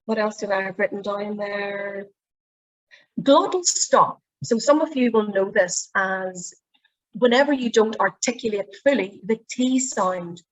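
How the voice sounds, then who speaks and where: Speaking a little slowly at a medium pitch, this middle-aged Northern Irish woman teaches an online workshop on presentation skills over a low-quality recording. Her manner is chatty, and she illustrates her points by demonstrating voice habits.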